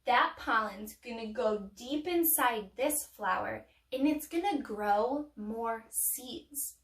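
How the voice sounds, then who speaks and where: A woman teacher giving a playful, animated lesson to young children, with dramatic pauses. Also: fairly high pitch. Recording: echoey room, mic far off.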